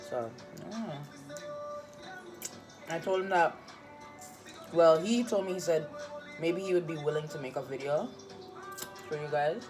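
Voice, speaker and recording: A young woman with a Jamaican accent vlogs casually, rambling and chatting with her viewers. Her voice is low and unhurried, with frequent pauses. Music plays in the background.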